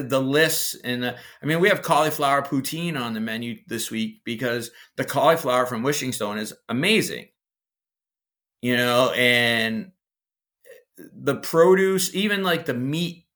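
A man from Massachusetts with a Massachusetts accent, a chef being interviewed, telling stories with animated enthusiasm. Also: medium pitch. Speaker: executive chef, guest. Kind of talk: casual interview chat.

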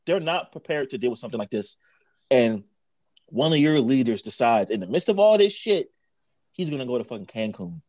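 A man's voice: medium pitch, sing-song, a little fast, darkish tone, no echo, studio quality. A man co-hosting a casual podcast chat, exclaiming indignantly and swearing freely.

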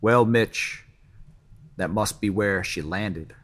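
A man reading aloud voices a brash, streetwise man who shouts at people. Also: on the low side, takes it slowly. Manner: loud, shouting.

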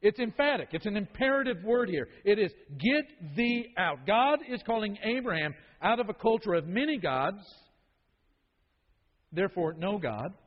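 A man's voice: high-pitched, expressive, moderate pace. A man teaching a Bible study in a sermon style, emphatic and repeating key phrases for weight. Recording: dull lo-fi sound with long hall reverb.

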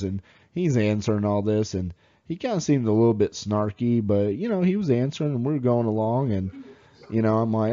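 A man's voice: on the low side, moderate pace, warm tone. A man hosting a podcast interview, asking questions and telling stories in an easygoing way. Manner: easygoing storyteller. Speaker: podcast host. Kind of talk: casual interview talk. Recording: dull lo-fi audio.

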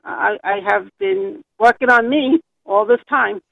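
An older woman with a New York accent calls in to a show and talks in a halting, rambling way. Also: fairly high pitch, creaky, no echo. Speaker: caller. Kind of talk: phone-in call. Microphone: telephone. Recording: tinny phone line.

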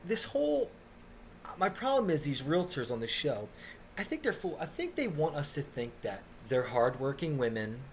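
A man's voice: fairly high pitch, normal speed, a little hiss or hum. A man hosting a podcast, ranting comedically and mocking people with put-on voices. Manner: animated, mocking put-on voices when quoting others. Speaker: podcast host. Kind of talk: comedic rant. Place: Miami area.

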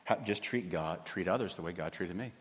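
A man, preaching a sermon in a folksy, animated way. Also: sits low, brisk. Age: 50s. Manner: folksy, animated, acts out little scenes. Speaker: pastor. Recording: hall reverb.

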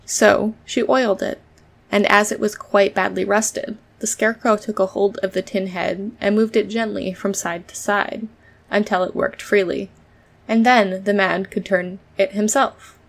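Female storybook narrator, steady delivery with a creaky edge. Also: mid-range voice, a little slow. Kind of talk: storybook reading.

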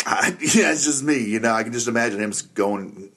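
A man's voice: mid-range voice, brisk, sharp tone, husky. A middle-aged man hosting a Christian family podcast, upbeat and jokey, often saying "that's right" as he motivates listeners. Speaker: podcast host.

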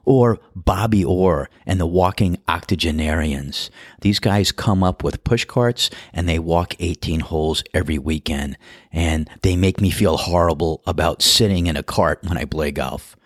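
Deep-voiced chatty man telling a story. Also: moderate pace, dry recording, studio quality. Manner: relaxed, chatty, amused. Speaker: podcast host and golf course starter. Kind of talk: storytelling monologue.

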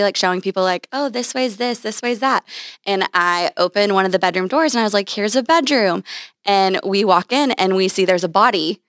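A woman's voice: mid-range voice, fairly bright tone, clear, resonant tone, no room sound, studio quality. A woman real estate agent telling a story in a casual chat, rambling and filling with "like.". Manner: rambling, heavy use of "like".

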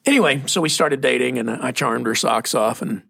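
A man's voice: mid-range voice, brisk, vocal fry, fairly bright tone, breathy edge, no echo, clean studio sound. A middle-aged man with a Texan accent, a pastor telling stories in a casual podcast chat and acting out the other people's lines. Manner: storytelling, acts out quoted voices.

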